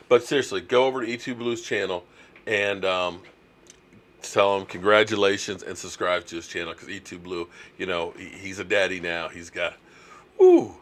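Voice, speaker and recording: A man's voice: sits low, a bit bright. A middle-aged man, hosting a casual live stream, chatty and reading viewer comments aloud. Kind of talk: casual live stream chat about football.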